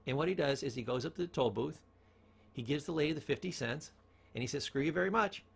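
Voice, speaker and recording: A man's voice: medium pitch, quick pace. A man giving a motivational talk on communication, telling stories and asking rhetorical questions. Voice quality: gravelly, husky voice. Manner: storytelling, asks rhetorical questions, varies tone for emphasis. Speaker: speaker on communication.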